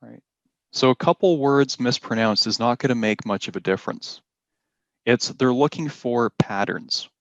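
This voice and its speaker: A man teaching an exam-prep class, explaining slowly and deliberately and stressing key words. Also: mid-range voice, no echo, highs cut off. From Canada. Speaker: IELTS teacher. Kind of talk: classroom lesson.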